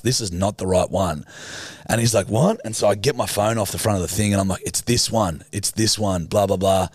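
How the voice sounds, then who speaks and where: A young Australian man with a fairly low voice tells a story in casual podcast chat. He is animated and sweary as he talks. The sound is close and dry. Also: no echo. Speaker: podcast co-host.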